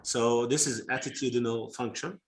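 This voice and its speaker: A male phonetics teacher explaining slowly to a class, with many fillers and repeated words. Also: mid-range voice, steady tone. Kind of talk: live online class teaching.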